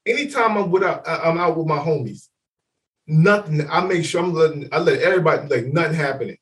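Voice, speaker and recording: A podcast co-host tells a story in casual chat, his fairly high-pitched voice brisk and far from the mic. He swears freely and acts out what people said, staying animated throughout.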